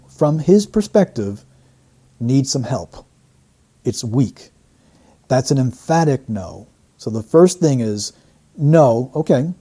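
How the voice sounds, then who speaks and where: A man's voice: on the high side, mellow. A man analysing an interview clip, explaining the wording of a statement phrase by phrase. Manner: explanatory, breaks down quotes phrase by phrase. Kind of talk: analytical commentary.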